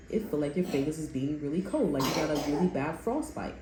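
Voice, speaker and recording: A woman's voice: low-pitched, animated, brisk, hardly any pauses, dark tone. A woman giving a casual tarot reading, talking bluntly and swearing, acting out what others say in a raised voice. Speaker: tarot reader. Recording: roomy sound with faint music.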